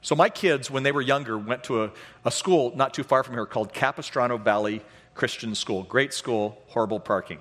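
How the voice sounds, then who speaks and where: A middle-aged male pastor tells a self-deprecating story from the pulpit and acts out everyone in it. His voice sits at an ordinary middle pitch. It rings with a long church reverb. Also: fairly quick, fairly bright tone. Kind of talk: storytelling sermon. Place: church sanctuary.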